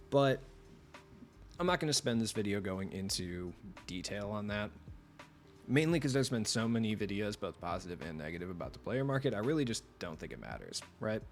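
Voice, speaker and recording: Low-voiced man rambling casually about cards. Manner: joking opener in a mock radio voice, then loose rambling talk. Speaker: gaming video host. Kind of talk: casual commentary.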